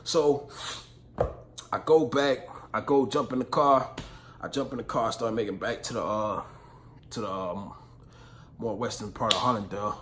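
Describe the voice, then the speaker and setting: A man's voice: lowish voice, fairly even intonation, measured pace, pauses often, fairly bright tone, slight background noise. A young man vlogging, telling a story in casual slang, full of profanity and "you know what I'm saying".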